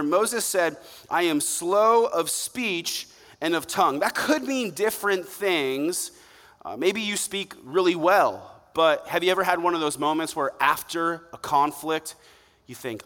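A man's voice: sits high, lively intonation, moderate pace, bright, forceful tone. A male pastor giving a conversational, joking sermon during a church service, drawing the congregation into a show of hands. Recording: live hall reverb.

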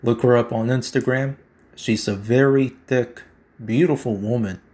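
A man's voice: mid-range voice, steady tone, moderate pace, darkish tone. Emphatic man ranting a conspiracy theory. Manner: emphatic, repeats himself, slangy. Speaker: podcast host. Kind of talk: conspiracy monologue.

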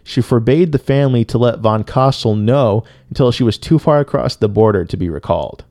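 A man's voice: medium pitch, a little fast, a little mellow, no echo, clean studio sound. A man co-hosting a podcast, telling a story in a loose, profane way with lots of filler words. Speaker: podcast co-host. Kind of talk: casual storytelling chat.

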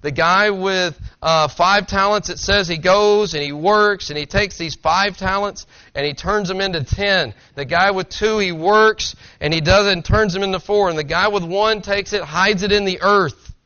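Male pastor, earnest conversational sermon delivery, slightly high bright voice, lo-fi church recording. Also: normal speed, hardly any pauses, clean tone. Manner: earnest, conversational preaching with rhetorical questions. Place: church sanctuary.

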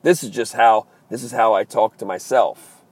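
A man's voice: on the low side, moderate pace, darkish tone, breathy edge, dry recording. A man from Maryland with an East Coast American accent, hosting a motivational podcast with intense, driven delivery and emphatic repetition, recording from a car in traffic. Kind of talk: motivational monologue.

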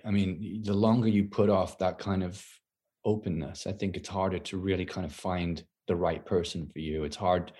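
A man in a casual conversation, reflecting out loud with frequent restarts, his voice rising as he gets animated. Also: sits low. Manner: reflective, restarts often, rises when animated.

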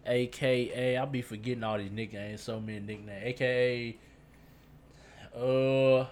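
A man's voice: medium pitch, steady tone, unhurried, a little mellow, slight background noise. Playful man hosting a podcast. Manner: playful, rattles off nicknames. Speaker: podcast host. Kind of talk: casual podcast banter.

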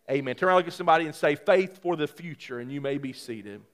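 A man preaching as a pastor, praying and telling a self-mocking family story in an animated way. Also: on the high side, fast talker, few pauses. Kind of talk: sermon. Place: church sanctuary.

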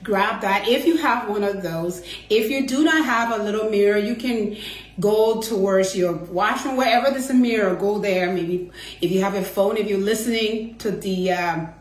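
A woman's voice: medium pitch, moderate pace. A woman hosting an inspirational talk episode, heartfelt and chatty, laughing often as she encourages listeners. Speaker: host. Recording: roomy echo.

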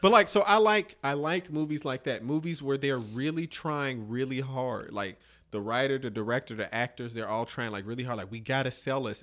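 A man's voice: mid-range voice, fairly bright tone. A man co-hosting a podcast in casual banter, blunt and argumentative, swearing freely. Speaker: podcast co-host.

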